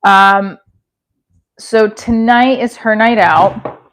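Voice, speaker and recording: A woman's voice: mid-range voice, drawn-out words, a bit bright, slight background noise. A woman hosting a live stream, rambling casually and answering viewer comments, with a self-deprecating, chatty manner and many restarts. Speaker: livestream host reading viewer comments.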